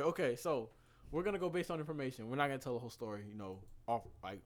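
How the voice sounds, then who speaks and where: A young man co-hosting a podcast, telling stories in casual chat, animated and swearing freely. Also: medium pitch, rapid-fire. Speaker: podcast co-host.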